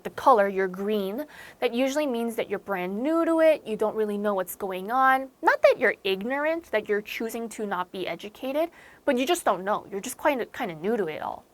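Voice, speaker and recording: Chatty American woman teaching vocabulary. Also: a little high. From United States. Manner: chatty, explains by rephrasing, many fillers. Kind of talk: online vocabulary lecture.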